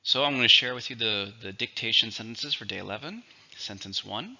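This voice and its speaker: A man teaching English vocabulary in a recorded lesson, patiently repeating each word slowly for learners. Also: lowish voice, creaky, bright, forceful tone, highs cut off.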